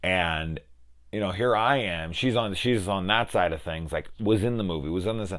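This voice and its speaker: A man's voice: deep voice, normal speed, fairly bright tone. A young man reviewing a film in a casual, rambling way, swearing freely and acting out bits of conversation. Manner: rambling, profane, with lots of "like" and quoted dialogue.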